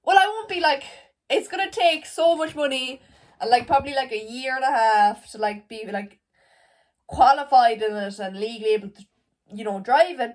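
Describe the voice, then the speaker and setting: A woman's voice: high voice, moderate pace. A teenage girl from Ireland, rambling to camera at home in a casual vlog, full of "like" and swearing. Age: teens. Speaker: vlogger. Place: at home, indoors. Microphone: camera facing her.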